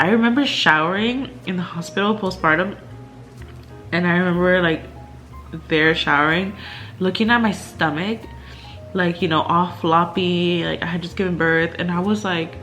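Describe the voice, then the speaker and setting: Young adult woman vlogger, frank and chatty, slightly low pitch, casual home talk. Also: moderate pace, fairly bright tone, soft background music. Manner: chatty, candid, full of fillers and laughter. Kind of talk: casual chat. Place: indoors at home.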